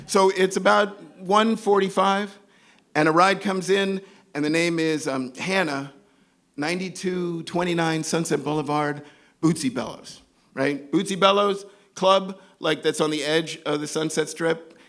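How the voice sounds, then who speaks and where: Man, comic storyteller, gravelly, slightly high voice, animated, acts out voices. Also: unhurried. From New York. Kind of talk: live comedic storytelling.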